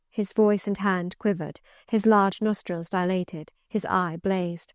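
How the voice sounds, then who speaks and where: A woman narrating a classic novel in the first person, measured and earnest. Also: medium pitch, steady tone, clean tone, dry recording, studio quality. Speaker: audiobook narrator.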